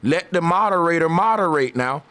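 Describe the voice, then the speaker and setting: A man's voice: on the high side, expressive, moderate pace, pushed and bright, clean tone. A man in a heated live debate, arguing insistently and repeating his points. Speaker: debate show host.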